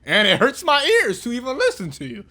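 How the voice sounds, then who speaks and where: High-voiced man ranting in slang. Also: big pitch swings, fairly quick, pushed and bright. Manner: mocking, slangy, scolding. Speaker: reaction video commentator. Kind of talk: casual ranting commentary.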